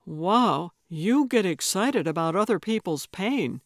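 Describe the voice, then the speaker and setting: A woman's voice: fairly low pitch, lively intonation, slow pace, dry recording, clean studio sound. A woman voicing an earnest, somewhat hesitant male paramedic in an audiobook. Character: young man, earnest awkward paramedic. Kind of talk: audiobook character voice.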